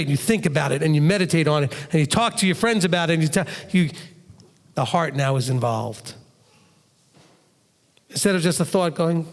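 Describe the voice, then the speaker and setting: A man with a high voice gives a conversational Bible teaching, lively and full of rhetorical questions. He acts out little quotes as he explains. His voice carries a long hall reverb. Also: a little fast, gravelly.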